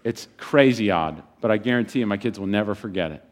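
A man preaching a sermon as a pastor, swinging between loud bursts and quiet, hushed passages. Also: on the low side, quick pace.

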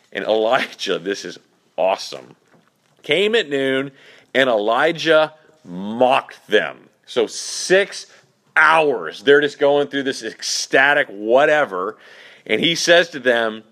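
A man leading a relaxed Bible study in a fairly high voice. He jokes and mocks freely as he explains, with his voice jumping up when he gets excited. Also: slow. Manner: animated, joking and mocking as he explains. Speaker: Bible teacher. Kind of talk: casual Bible study teaching.

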